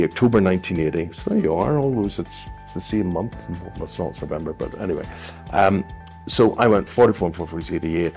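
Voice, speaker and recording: A man, telling lively anecdotes as an interview guest. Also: low-pitched, vocal fry. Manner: animated storyteller, acts out voices in his anecdotes.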